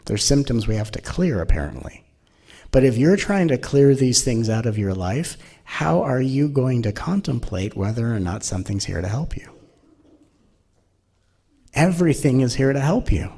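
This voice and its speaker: Guy with a husky, slightly gravelly voice giving a spiritual talk, playful, lots of questions. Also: medium pitch, very animated, normal speed, dark tone. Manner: playful and rhetorical, acting out mock inner voices. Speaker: spiritual teacher.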